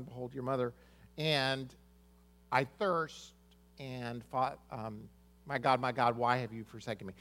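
A man preaching a Sunday sermon as pastor, reading scripture and explaining it in an earnest way, often repeating words as he restarts. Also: mid-range voice.

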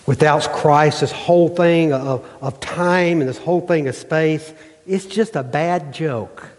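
A male pastor preaching a sermon with emphatic, rhythmic delivery and dramatic pauses. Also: fairly high pitch, a little mellow. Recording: long hall reverb.

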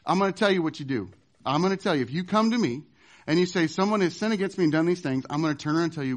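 A male pastor delivering a sermon. His voice sits high, and he preaches emphatically, pushing some points hard and dropping others to a hush. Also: expressive, quick pace. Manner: emphatic preaching, wide swings from loud to hushed.

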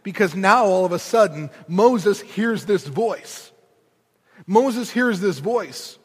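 A male pastor preaching a sermon in an animated, storytelling way with casual conversational asides, in a church. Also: sits high, takes it slowly, slightly rough. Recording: reverberant hall.

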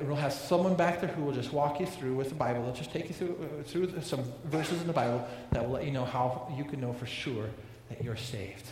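An earnest pastor delivers a sermon in a big church hall, often repeating words and beginning sentences again. His slightly high, slightly mellow voice rings through the echoey space with long reverb.

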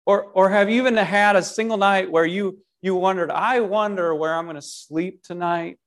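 A man giving a short devotional sermon in an animated, conversational way, often restarting his sentences and asking the listener rhetorical questions. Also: sits high, normal speed. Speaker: preacher.

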